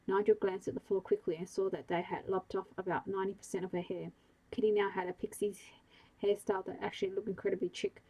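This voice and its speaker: A woman narrating a bedtime audiobook in a calm, even voice. The sound is husky and gravelly, and the melody stays flat throughout. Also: medium pitch, quick pace, rough recording. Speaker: sleep story narrator.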